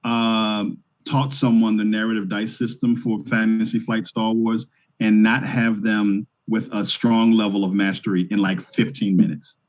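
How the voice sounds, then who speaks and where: Middle aged guy with a lowish voice chatting eagerly as a guest, muffled lo-fi audio. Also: level tone, measured pace. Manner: enthusiastic, chatty. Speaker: game designer guest. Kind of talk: casual interview chat. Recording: dull lo-fi remote audio.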